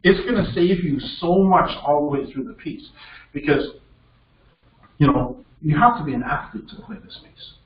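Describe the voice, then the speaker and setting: Encouraging piano teacher in a roomy studio. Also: male voice, fairly high pitch, animated, moderate pace. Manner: encouraging, checks in with frequent "okay?". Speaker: piano teacher leading a masterclass. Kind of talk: coaching a student at the piano. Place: music studio indoors with a piano. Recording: distant, roomy and dull with piano behind.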